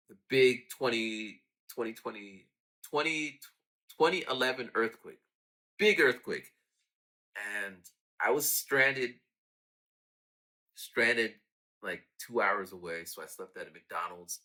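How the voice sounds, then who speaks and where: A man telling casual stories about his own raps, lively and acting out sounds and quotes. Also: medium pitch, slow pace, long pauses. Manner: animated, acts out quotes and sound effects. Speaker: rapper talking about his own songs. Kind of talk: casual storytelling.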